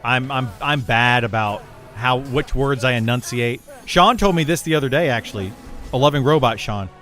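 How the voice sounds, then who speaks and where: Rambling male streamer, soft music behind. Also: mid-range voice, moderate pace. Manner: rambling, repeats words and restarts while explaining. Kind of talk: casual stream chat. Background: faint music.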